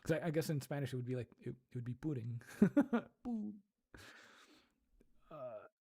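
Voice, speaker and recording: A man's voice: medium pitch, very fast, dark tone. A man casually chatting on a livestream, reading chat, laughing often and repeating words as he tries out pronunciations. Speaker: streamer reading live chat.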